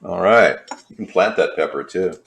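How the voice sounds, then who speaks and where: A man's voice: low-pitched, moderate pace, creaky, noisy background. A man cooking in a home kitchen, rambling playfully with mock-posh asides as he demonstrates a recipe. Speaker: home cook vlogger.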